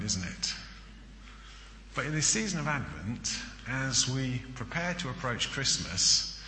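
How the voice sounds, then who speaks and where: Bright preacher in an echoing church. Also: male voice, a little high. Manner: chatty storytelling with frequent "uh" and repeated words. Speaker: guest preacher. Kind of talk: sermon. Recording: echoey church hall, long reverb.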